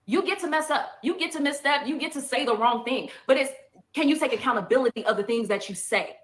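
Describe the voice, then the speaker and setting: A woman's voice: sits high, lively intonation, fast. A woman in a heated monologue, emphatic and repeating her points for effect.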